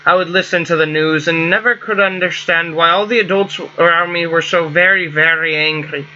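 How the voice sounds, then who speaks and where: A man's voice: on the high side, fairly even intonation, moderate pace, bright, forceful tone, lo-fi sound, a little hiss or hum. Man reading Mister Eyes, a formal starship crewmate. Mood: reflective. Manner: plain read-aloud delivery.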